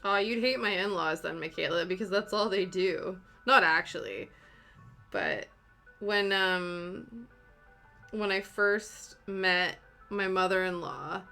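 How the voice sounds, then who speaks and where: A woman's voice: medium pitch, pushed and bright. A young woman, chatting casually with viewers while she stitches and sometimes counting stitches under her breath. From Canada. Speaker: cross-stitch streamer.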